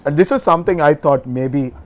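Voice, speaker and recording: Man, podcast guest, higher-pitched, animated and swearing, full of laughs. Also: brisk. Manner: excitable, laughs often, swears casually. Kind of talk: animated storytelling chat.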